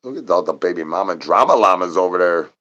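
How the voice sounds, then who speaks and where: A man's voice: low-pitched, animated, fast talker, bright, forceful tone, highs cut off. A man hosting a livestream, rambling in goofy chatter full of silly wordplay and singsong repeated catchphrases. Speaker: livestream host.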